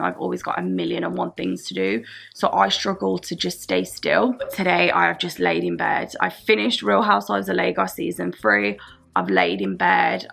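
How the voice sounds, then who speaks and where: A woman's voice: fairly low pitch, gravelly, fairly bright tone, breathy edge. A woman chatting casually to camera from her bed, retelling events and quoting what everyone said. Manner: chatty, recounts events with lots of quoted back-and-forth. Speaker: vlogger. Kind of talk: casual storytime vlog. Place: lying in bed at home.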